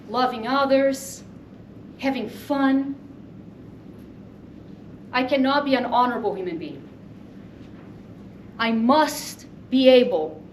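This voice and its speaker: A woman's voice: a little high, a little hiss or hum. A woman giving an earnest impromptu club speech, listing her points in short phrases. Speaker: table topics speaker. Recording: echoey room, mic far off.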